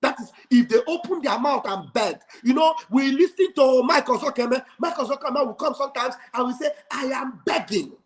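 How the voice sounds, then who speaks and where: High-pitched man shouting sermon-style. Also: moderate pace, hardly any pauses. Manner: shouting, preacher-like call and response. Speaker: livestream host. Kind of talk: fiery livestream speech. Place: home livestream studio.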